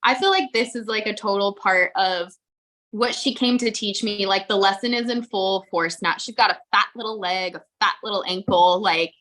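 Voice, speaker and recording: A woman's voice: medium pitch, moderate pace, fairly bright tone. A young woman co-hosting a podcast, chatting casually with lots of "like" and the odd swear word. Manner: chatty, swears freely, full of likes. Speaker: podcast co-host. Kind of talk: casual chat.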